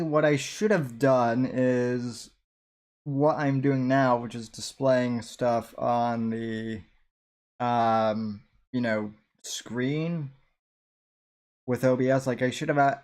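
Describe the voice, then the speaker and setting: Podcast host guy rambling casually, self-deprecating asides, mid pitch. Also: takes it slowly, a little mellow. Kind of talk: casual chat, commentary on an old episode.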